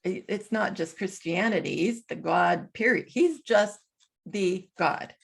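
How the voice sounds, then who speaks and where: Woman, vlogger, casual monologue, gravelly fry, slow unhurried delivery, reads from notes. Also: lowish voice. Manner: slow, deliberate, spells out numbers.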